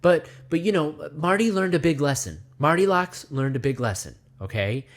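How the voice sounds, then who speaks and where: A man's voice: on the high side, lively intonation. Rambling man musing in third person. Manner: self-referring in third person, rambling, rhetorical questions; acts out voices in quick asides. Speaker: comedy video essayist. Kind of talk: rambling satirical monologue.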